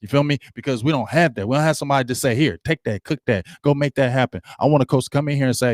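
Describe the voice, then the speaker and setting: A man's voice: mid-range voice, rapid-fire, few pauses, no room sound, clean studio sound. A middle-aged man hosting a sports talk show, ranting with heat and slang to his live viewers. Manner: fired-up, ranting, slangy and repetitive. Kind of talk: passionate sports rant to a live chat.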